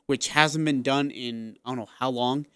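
A man co-hosting a sports radio show, talking in a casual, excitable way and acting out what people said. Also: medium pitch, moderate pace, clean tone, no room sound, studio quality. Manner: excitable, animated storyteller who acts out quotes.

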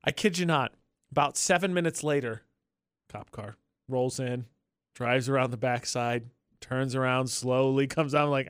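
A man hosting a radio morning show in the studio trades casual banter, telling animated stories and laughing often. Through a studio mic his voice is medium-pitched, clear and resonant, at a moderate pace with no room sound.

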